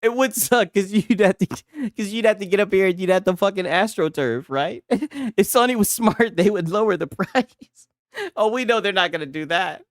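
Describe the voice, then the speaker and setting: A man hosting a stream, reacting to clips with loud, laughing, profane mockery. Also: high voice, moderate pace, no room sound, studio quality. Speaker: livestream host reacting to clips. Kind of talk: casual reaction commentary.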